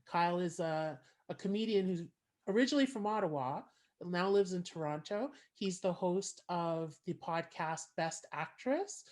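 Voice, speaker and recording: A woman hosting a podcast, soft-spoken and easygoing, laughing often as she chats with her guest. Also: fairly low pitch, expressive, moderate pace. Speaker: podcast host. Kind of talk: casual interview chat.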